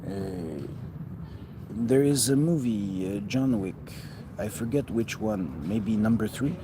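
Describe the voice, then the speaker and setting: A man's voice: on the low side, expressive, slow pace. A man talking in a rambling, profane monologue that often trails off mid-thought. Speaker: vlogger. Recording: noticeable background noise.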